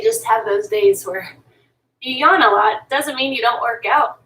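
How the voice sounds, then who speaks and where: A woman's voice: on the high side, fairly even intonation, measured pace, a bit bright. A woman fitness instructor coaching a workout while exercising along, urging listeners not to quit. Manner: motivating, pushes listeners to keep going. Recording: echoey room, distant from mic.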